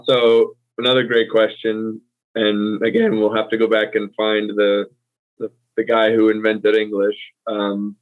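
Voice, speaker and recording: An American man with a fairly low voice talks through a point of English usage, pausing often on ums and circling back to fix his own words. His voice comes over a thin, phone-like call line, clipped at both ends of the range. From United States. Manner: hesitant, many ums, self-correcting. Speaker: co-host and English tutor. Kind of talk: casual teaching chat. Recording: tinny phone-like call audio.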